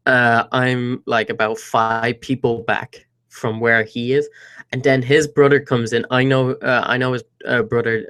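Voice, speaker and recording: A man's voice: mid-range voice, fairly bright tone, clear, resonant tone. A young man from Ireland with an Irish accent, telling a story in a nervous, rambling way full of fillers and restarts. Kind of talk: casual storytelling vlog.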